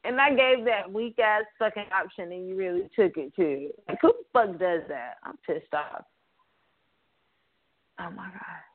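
A woman's voice: medium pitch, a little slow. A young woman hosting a casual call-in talk show from her apartment, blunt and profane, rambling and laughing as she talks. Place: apartment room. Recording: tinny phone-like line.

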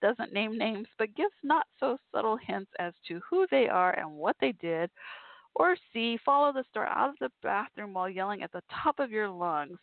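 A woman's voice: a little high, sing-song, moderate pace, no echo. A woman hosting a call-in podcast in a casual, rambling, bubbly way, laughing often. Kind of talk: casual chatty call-in show. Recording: tinny phone-like line.

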